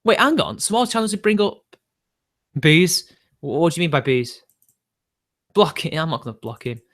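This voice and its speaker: A man live-streaming and answering his chat in a rambling way, quickly getting riled and swearing. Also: a little high, very animated, fairly bright tone.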